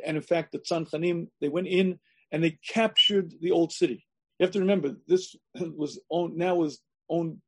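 A man lecturing as a rabbi, emphatic, repeating his phrases and often clearing his throat, on a video call. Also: fairly high pitch, mellow. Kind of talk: sermon-style lecture.

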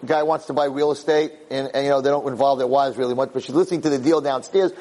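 A middle-aged man, a rabbi, giving a Torah class as an animated storyteller who repeats words as he restarts his sentences. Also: mid-range voice, fast talker.

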